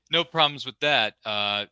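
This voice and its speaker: A man's voice: medium pitch, takes it slowly, pushed and bright, clear, resonant tone, no room sound, studio quality. A man hosting a podcast interview, reacting with enthusiastic, folksy and rambling chatter. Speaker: podcast host. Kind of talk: casual interview chat.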